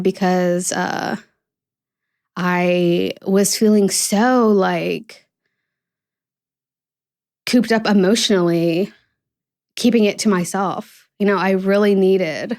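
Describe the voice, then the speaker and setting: A woman's voice: medium pitch, steady tone, slow, long pauses, a little mellow. A young woman hosting a solo podcast, talking candidly in a rambling way with lots of fillers. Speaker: podcast host. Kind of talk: casual solo podcast chat.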